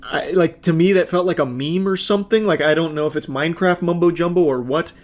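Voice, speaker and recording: A man in his thirties giving sarcastic, profane, deadpan commentary while reading text messages aloud. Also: a little high, a little fast. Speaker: commentary host.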